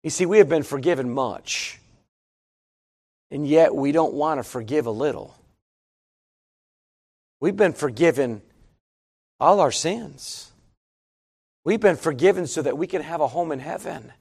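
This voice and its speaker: A middle-aged man preaching a sermon, shifting from chatty storytelling to loud, emphatic preaching. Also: on the high side, unhurried, pauses often, breathy edge. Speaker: pastor.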